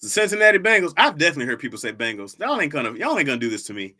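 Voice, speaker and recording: A man's voice: mid-range voice, wildly swooping pitch, rapid-fire, pushed and bright, slightly rough. A man hosting a casual livestream, chatting with his viewers and playfully teasing them, repeating words for laughs. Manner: talks straight to viewers, says "y'all" a lot. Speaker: livestream host.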